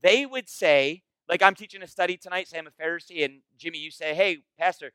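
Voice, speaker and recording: A man leading a Bible study as pastor, in a casual, animated, conversational sermon style. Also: fairly high pitch, fast, smooth, no echo, low-quality recording. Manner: animated, conversational, acts out quoted voices.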